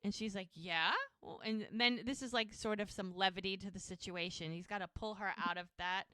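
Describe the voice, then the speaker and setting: Bright woman retelling TV scenes. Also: mid-range voice, steady tone, fairly quick, no echo, clean studio sound. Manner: retells scenes by acting out the characters' lines. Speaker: podcast co-host. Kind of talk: casual recap of a TV episode.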